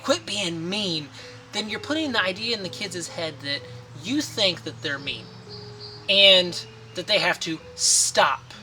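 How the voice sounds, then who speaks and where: A man who is a father of daughters, giving parenting advice to camera in a steady, earnest way and briefly acting out short quoted phrases. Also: high voice.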